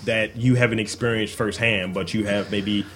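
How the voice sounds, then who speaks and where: A man's voice: lowish voice, steady tone, normal speed, fairly bright tone. A man co-hosting a podcast, talking in a laid-back, rambling way and swearing casually. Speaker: podcast co-host.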